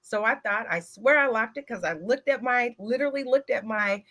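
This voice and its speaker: A woman speaking at a retreat who tells a personal story in an animated way, addressing the audience directly and using many filler words. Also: a little high, normal speed.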